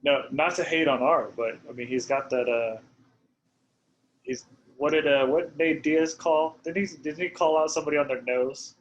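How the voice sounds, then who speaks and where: A man's voice: a little high, moderate pace, lo-fi sound, a little hiss or hum. A man co-hosting a podcast, rambling and laughing through casual banter. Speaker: podcast co-host. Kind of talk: casual chat.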